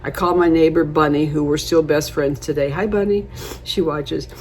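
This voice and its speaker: A woman's voice: sits low, fairly even intonation, moderate pace, darkish tone, slight background noise. A woman in her eighties chatting casually to camera, rambling through stories and laughing often. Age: 80s. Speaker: beauty vlogger.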